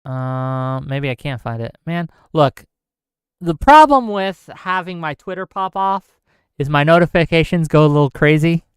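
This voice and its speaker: Impassioned man on a crisp, dry mic. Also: a little high, lively intonation, measured pace, dry recording. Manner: impassioned, repeats himself for emphasis; checks in with listeners with "right?". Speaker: livestream host. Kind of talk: political commentary livestream.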